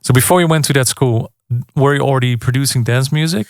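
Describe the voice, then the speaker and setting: A male radio host asks questions in a friendly, easygoing manner, often chiming in with agreement. His voice has a gravelly edge, and the studio sound is close and dry. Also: mid-range voice, fast, dry recording. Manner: friendly, frequent backchannel agreement. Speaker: radio show host interviewing. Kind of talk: casual radio interview.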